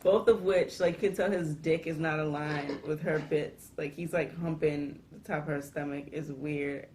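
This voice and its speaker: A woman co-hosting a casual podcast, telling a story in an animated way, swearing often and laughing partway through sentences. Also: low voice, moderate pace, slight background noise. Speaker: podcast co-host. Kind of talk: casual chat.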